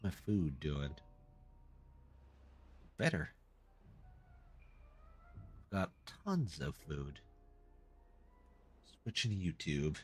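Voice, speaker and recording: A man's voice: extremely low pitch, expressive, drawn-out words, pauses often, husky. A man live-streaming a game and chatting casually with viewers, answering their comments in a loose, self-deprecating way. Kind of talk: casual live-stream chat while gaming.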